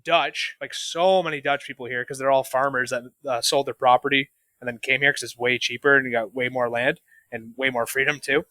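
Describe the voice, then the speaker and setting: A man's voice: mid-range voice, fairly even intonation, a little fast, pushed and bright, no room sound. A man from Southern Ontario, chatting as a podcast guest and rambling with many fillers. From Canada, Southern Ontario. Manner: rambling, heavy use of filler words. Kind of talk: casual podcast chat.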